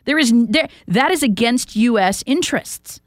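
A woman's voice: on the high side, animated, moderate pace, no room sound, clean studio sound. A woman hosting a talk show, delivering an emphatic, opinionated and mocking political monologue. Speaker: talk radio host.

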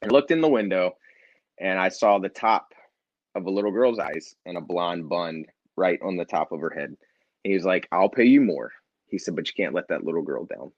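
A man, a nonprofit founder and interview guest, telling a personal story in casual conversation and acting out quoted dialogue with lively energy. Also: low-pitched, a little fast, no echo, highs cut off.

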